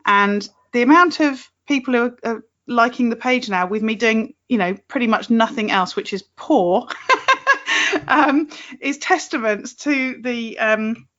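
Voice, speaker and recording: A woman hosting a podcast interview, talking quickly and chattily with frequent laughs. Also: on the high side, fairly bright tone, highs cut off. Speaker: podcast host.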